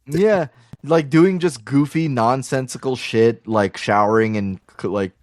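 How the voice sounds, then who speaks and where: A man's voice: mid-range voice, a little slow, no room sound. Brief: male podcast co-host, dry close sound, loose rambling recap peppered with fillers. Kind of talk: casual film discussion.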